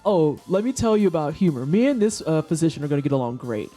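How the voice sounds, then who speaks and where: A woman's voice: deep voice, lively intonation, fast talker, mellow, soft background music. A woman in her thirties chatting casually with her stream viewers, a blunt and candid storyteller who swears freely. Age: 30s. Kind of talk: casual chat. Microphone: desk microphone for headphone listeners.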